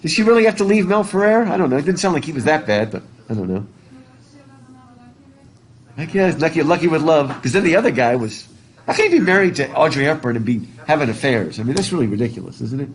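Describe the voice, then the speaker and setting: A man's voice: on the high side, big pitch swings, quick pace, rough recording. A male literature teacher talking casually and ramblingly to his class, laughing easily. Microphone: masked, recording his own class.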